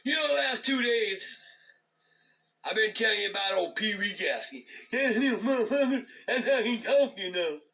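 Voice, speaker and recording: A man's voice: high voice, animated, normal speed, creaky, pushed and bright, rough recording. An older man, telling a long profane story to camera, stumbling over repeated words and cursing constantly. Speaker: storyteller, channel host.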